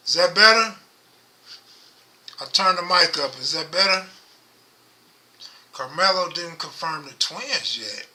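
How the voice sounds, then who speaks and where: A middle-aged man hosting a casual livestream, talking low and rambling close to his microphone. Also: bright, forceful tone. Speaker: livestream host. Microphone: microphone held close.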